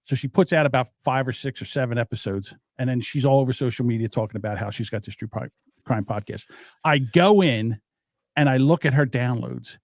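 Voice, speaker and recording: A man's voice: mid-range voice, brisk, darkish tone, no room sound, clean studio sound. A man co-hosting a podcast, ranting in an exasperated way in casual chat.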